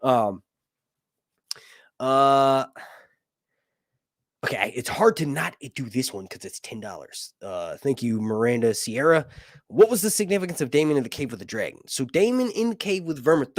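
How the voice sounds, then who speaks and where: A man's voice: on the high side, no echo, studio quality. A man hosting a casual live stream, reading viewer messages aloud and chatting with lots of laughs and energy. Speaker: livestream host.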